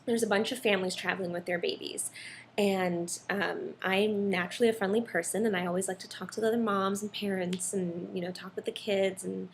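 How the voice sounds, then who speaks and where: A woman's voice: mid-range voice, fairly even intonation, fairly quick, vocal fry, a little hiss or hum. A young woman, a mother, chatting casually about her experiences, telling stories with lots of ums and likes. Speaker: vlogger, mom. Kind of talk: casual chat.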